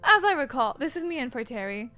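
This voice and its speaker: Woman doing an arrogant rooster lawyer, high-pitched and pompous. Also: big pitch swings, fast talker, pushed and bright, faint music behind, heavily acted. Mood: smug. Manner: haughty, mocking, grandly formal.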